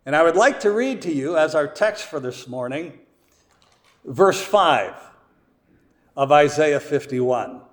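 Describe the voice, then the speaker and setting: A high-voiced man preaches a sermon at an unhurried pace, stressing each key word with weight. His voice rings out with a long church-hall reverb. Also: big pitch swings. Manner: slow and deliberate, with strong emphasis on key words. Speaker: pastor.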